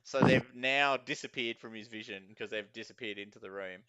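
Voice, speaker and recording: Bright, rambling male game master. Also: on the low side, a little fast, highs cut off. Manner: rambling, lots of fillers and laughs. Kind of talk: narrating a tabletop game.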